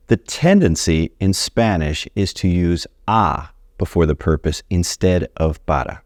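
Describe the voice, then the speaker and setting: A man whose first language is English teaches Spanish grammar in a casual video lesson, talking to his viewers in a friendly, chatty way. His voice is low with a darkish tone. The sound is dry and close, with no room or echo.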